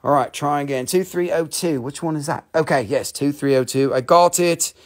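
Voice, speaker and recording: A man's voice: fairly high pitch, moderate pace. A middle-aged man from Western North Carolina, hosting a casual live sale of stones, rambling and joking as he goes. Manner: joking, rambling, slips into a mock Italian-French accent. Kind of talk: casual live sales chat.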